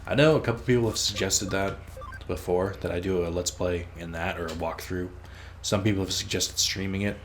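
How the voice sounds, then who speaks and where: A low-pitched man chats loosely over his gameplay, drifting from topic to topic, cursing casually and poking fun at his own slip-ups. He is close on a desk mic, with a faint hum of room ambience underneath. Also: fairly even intonation, brisk, few pauses. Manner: rambling, swears freely, teases himself. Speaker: let's play host.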